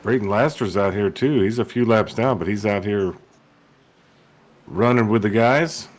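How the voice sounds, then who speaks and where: A man's voice: lowish voice, moderate pace. A man doing color commentary on a sim race, easygoing and joking with his booth partners.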